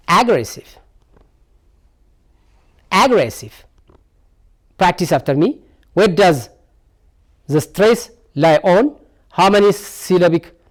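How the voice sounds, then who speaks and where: Man teaching word stress. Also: sits high. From Ethiopia. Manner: asks rhetorical "what?" questions and repeats each word many times. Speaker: English teacher. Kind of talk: televised classroom lesson.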